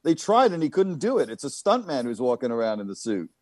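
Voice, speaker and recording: A man co-hosting a casual chat, talking in a rambling, profane, animated way. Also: medium pitch, quick pace, no echo.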